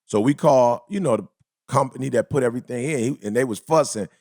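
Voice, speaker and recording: Animated storytelling man, dry close sound. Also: mid-range voice, quick pace, no room sound. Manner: animated storyteller, acts out other people's lines, slangy. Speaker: podcast co-host. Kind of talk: casual podcast chat.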